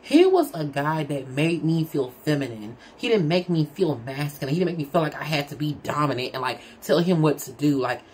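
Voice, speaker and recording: A woman with a low-pitched voice tells a personal story in relaxed storytime fashion. She is chatty and candid, talking to the viewer like a close friend. There is a faint noise floor behind her. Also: a little fast, hardly any pauses. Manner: chatty, candid, addresses the audience as "girl" and "y'all"; animated, with big swings in pitch. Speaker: storyteller vlogger. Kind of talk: casual storytime chat.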